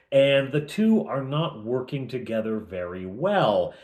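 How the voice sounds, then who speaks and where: A middle-aged man recapping a tabletop game as its game master, telling it in an animated way with chuckles. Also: mid-range voice. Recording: roomy echo.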